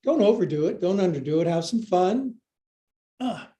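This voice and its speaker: A man's voice: sits high, animated, a little fast, dark tone. A male yoga teacher leading a live-streamed class, cueing poses with playful jokes and sometimes out of breath.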